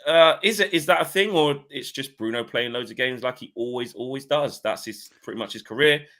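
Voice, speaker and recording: A man co-hosting a casual football podcast, chatty and quick to laugh, with many fillers. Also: mid-range voice, fairly bright tone. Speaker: podcast co-host.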